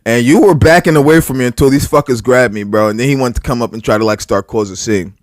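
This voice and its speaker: A young man, co-hosting a podcast and telling stories in a casual, animated way, swearing and getting loud. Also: medium pitch, fast talker, dry recording, clean studio sound. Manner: animated, swearing, loud when reliving anger. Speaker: podcast co-host. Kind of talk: casual storytelling chat.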